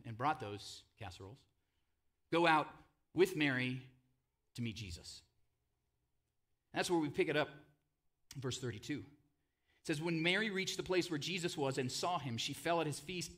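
Bright-voiced preaching man in his thirties. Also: a little high. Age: 30s. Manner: passionate, conversational preaching with frequent "right?". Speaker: pastor. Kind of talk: sermon.

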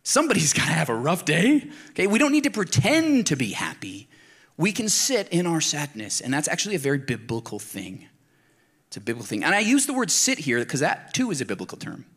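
A man's voice: on the high side, big pitch swings, a little fast, fairly bright tone, breathy edge. A man from Colorado giving a casual, conversational sermon as a pastor, earnest and emphatic, speaking straight to his listeners. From Colorado, United States.

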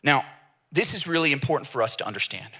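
A man's voice: on the high side, fast, slightly rough. A man preaching a sermon as a pastor, telling stories and putting on voices for the people in them. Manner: animated storytelling with acted voices.

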